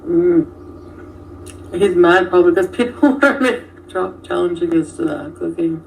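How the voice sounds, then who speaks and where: A woman's voice: lowish voice, fairly even intonation, measured pace, creaky, recorded from a distance, a little hiss or hum, poor audio. A woman hosting a casual livestream, reacting to viewer comments and chatting with a co-host.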